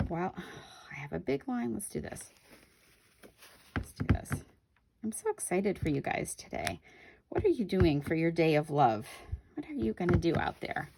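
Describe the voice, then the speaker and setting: A woman's voice: on the low side, slight background noise. A woman demonstrating a paper craft on camera, chatting with viewers and correcting herself as she works. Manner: chatty, talks to viewers while working, self-correcting. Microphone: camera on the craft table.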